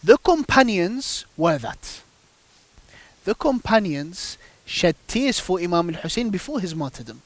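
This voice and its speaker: A man's voice: sits high, sing-song, unhurried, no echo. A man speaking as a guest on a religious panel, telling devotional stories emphatically with rhetorical questions. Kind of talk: religious discussion, storytelling.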